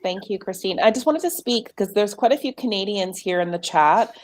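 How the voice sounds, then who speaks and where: A woman hosting a livestream in a casual, chatty way, greeting viewers and reading out contact numbers slowly. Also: mid-range voice, animated, dry recording. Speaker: livestream host. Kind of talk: casual chat.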